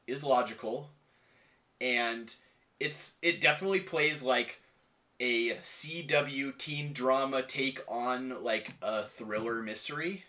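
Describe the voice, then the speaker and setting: A man co-hosting a casual movie review podcast, animated and laughing, acting out quotes as he talks. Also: medium pitch. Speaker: podcast co-host.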